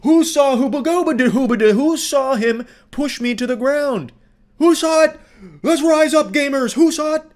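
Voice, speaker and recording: Brief: man putting on a high, loud, shrieking angry woman, mocking and sputtering. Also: moderate pace, few pauses, smooth, natural voice. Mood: ranting. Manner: mocking, exaggerated, garbled sputtering. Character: shrieking furious middle-aged woman, ranting, demanding.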